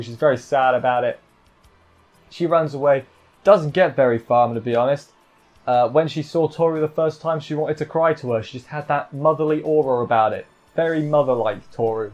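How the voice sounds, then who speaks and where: A man's voice: mid-range voice, a little mellow. Guy chatting through an anime episode recap, rambly, keeps correcting himself, kinda dull lo-fi sound. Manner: rambling, self-correcting, jokey asides. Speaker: anime reviewer. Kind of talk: casual live review chat.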